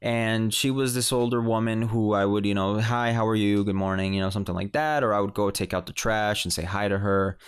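A man's voice: lowish voice, fairly quick, few pauses, clear, resonant tone. A man casually telling a personal story on a podcast, rambling with many restarts and fillers.

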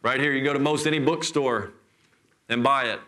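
Male pastor, middle-aged, sermon, animated storyteller, medium pitch. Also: a little fast. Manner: animated storytelling, acts out voices. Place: church.

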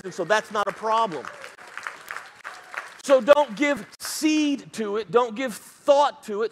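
A middle-aged man preaching a sermon as pastor, talking fast and emphatically, with quick asides to the congregation. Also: high-pitched, fairly bright tone, long reverb tail.

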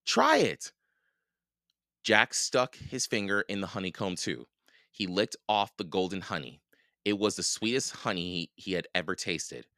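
A man reading a children's storybook aloud in a slow, expressive way. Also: sits low, no echo, studio quality. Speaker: reader.

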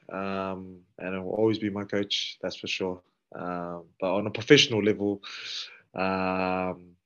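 A man with a New Zealand accent, a rugby player and podcast guest telling stories in a relaxed, slangy way that acts out the dialogue. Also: on the low side. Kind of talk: casual storytelling. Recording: dull lo-fi sound.

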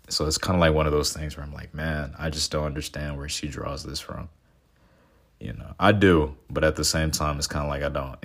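A man's voice: extremely low pitch, a bit bright. A twenty-year-old man in casual, reflective talk, earnest and sentimental, rambling with many fillers and restarts.

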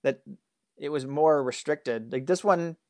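A man's voice: on the high side, no room sound, clean studio sound. A man co-hosting a political talk show, explaining votes in casual chat with many fillers. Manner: reads out quotes, laughs often, halting with fillers. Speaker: political news show co-host.

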